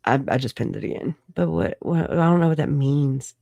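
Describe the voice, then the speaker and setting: A woman's voice: deep voice, normal speed, gravelly, warm tone, no room sound, lo-fi sound. Rambling, laughing livestream woman. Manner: rambling, laughs often, swears casually. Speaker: livestream host. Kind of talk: casual solo livestream chat.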